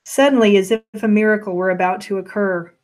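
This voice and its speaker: A woman narrating a story in a gentle, unhurried way. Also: mid-range voice, fairly even intonation.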